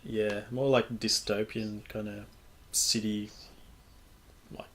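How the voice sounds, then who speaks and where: A young man with a lowish voice hosts a podcast in casual chat. He rambles loosely and swears freely as he goes. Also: flat delivery, slow, a bit bright, a little hiss or hum. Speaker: podcast host.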